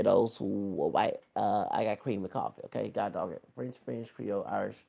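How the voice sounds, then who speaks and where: A man's voice: lowish voice, normal speed, creaky, hardly any pauses, mellow. A man in his thirties giving a casual, rambling gossip commentary to his viewers, full of exclamations and asides. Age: 30s. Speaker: vlogger.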